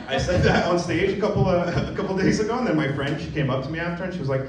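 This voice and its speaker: A young man doing a self-mocking stand-up comedy set, jumping into acted voices and going from mumbled asides to loud punchlines. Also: rapid-fire, hardly any pauses. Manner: animated, self-mocking, jumps into high-pitched acted voices. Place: comedy venue with a live audience. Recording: roomy, distant live club recording with crowd laughter. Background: audience laughing.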